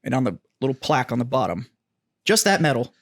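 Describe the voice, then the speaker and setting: A man's voice: mid-range voice, sing-song, quick pace, no echo, clean studio sound. A veteran man co-hosting a podcast, chatting casually and swearing while he explains military rules. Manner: profane, explains rules at length. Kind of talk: casual chat.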